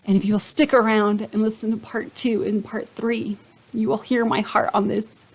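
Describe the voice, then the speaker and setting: A woman speaks to camera in a personal testimony vlog, her voice sitting at an ordinary middle pitch. She is earnest and heartfelt and keeps checking in with her viewers as she talks. She gets emotional and choked up easily. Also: level tone, moderate pace, poor audio. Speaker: vlogger sharing her faith testimony.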